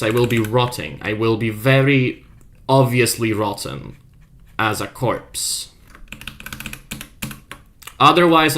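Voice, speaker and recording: A man's voice: medium pitch, fairly bright tone. A young man and non-native English speaker with a self-made accent, chatting playfully and trolling on an art stream while reading chat aloud. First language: not English. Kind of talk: casual live-stream chat.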